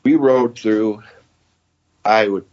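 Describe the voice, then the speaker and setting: A man's voice: fairly low pitch, fairly even intonation, slow, a little mellow. A man, a podcast guest, telling a long story in a folksy way, acting out the dialogue and laughing as he goes. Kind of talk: casual storytelling. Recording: dull lo-fi podcast audio.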